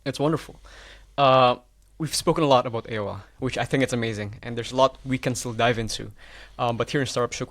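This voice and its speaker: A man hosting a startup podcast, who asks his guest warm questions and gives short affirmations. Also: mid-range voice. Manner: friendly, brief affirmations. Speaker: podcast host. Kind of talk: interview host.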